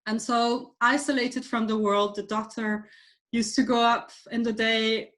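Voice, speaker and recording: A woman telling a folk tale over a video call, in a relaxed, measured way with small laughs. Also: on the high side. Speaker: storyteller. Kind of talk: oral folk storytelling.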